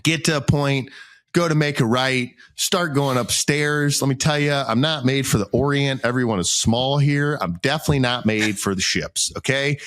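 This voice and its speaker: A man co-hosting a podcast, telling a long self-mocking anecdote in a casual, animated way, acting out what people said. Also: medium pitch, normal speed, dry recording, clean studio sound. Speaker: podcast co-host. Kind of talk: casual storytelling chat.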